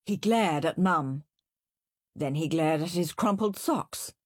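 A woman reading a children's story aloud, expressive and playful. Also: sits low, takes it slowly, husky, no echo, studio quality.

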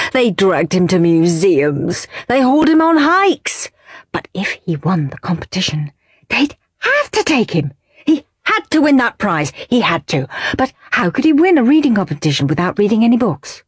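A woman reading a children's storybook aloud with expressive narration. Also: fairly low pitch, normal speed, husky, dry recording, clean studio sound.

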